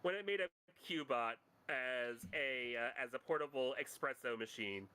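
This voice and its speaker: A man's voice: medium pitch, sharp tone, slight background noise, low-quality recording. A man who writes fan fiction, chatting casually and rambling with many restarts and laughs. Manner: rambling, halting, laughs often. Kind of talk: casual chat.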